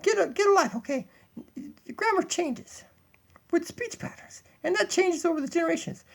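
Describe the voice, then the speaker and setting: A man's voice: very high-pitched, lively intonation, moderate pace, creaky, pitched above the performer's own voice, heavily acted. Man doing Doggy, a bossy puppet empress. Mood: bossy giddy. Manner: giddy, bossy, rambling rant with laughs. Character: bossy female puppet dog, self-crowned empress. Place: home kitchen. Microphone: tablet built-in mic.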